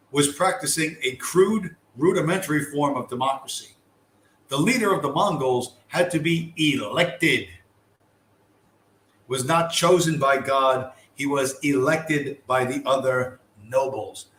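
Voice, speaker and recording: A man's voice: mid-range voice, a little slow, a bit bright. A man hosting a casual livestream, talking in a rambling, profane way with many restarts. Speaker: livestream host. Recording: echoey room with faint background noise.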